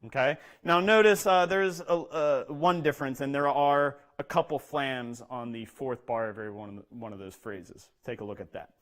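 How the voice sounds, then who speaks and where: A man's voice: medium pitch, moderate pace, few pauses, a bit bright. Male drum instructor, mid-range voice, patient step-by-step teaching, calls out rudiments rhythmically. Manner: explains step by step, says "okay?" often, speaks rudiment names in a rhythm. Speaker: percussion instructor. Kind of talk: instructional talk with demonstration.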